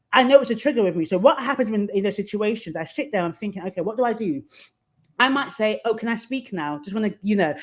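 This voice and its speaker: Fast-talking woman guest, candid and animated. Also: mid-range voice. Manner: animated storyteller acting out quoted voices. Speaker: podcast guest. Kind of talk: candid conversational advice.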